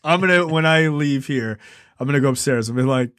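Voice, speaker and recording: A man's voice: mid-range voice, fairly quick, a bit bright, no echo, clean studio sound. A man co-hosting a casual film podcast, teasing his friends, laughing and swearing freely. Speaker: podcast film review co-host. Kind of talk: casual joking banter.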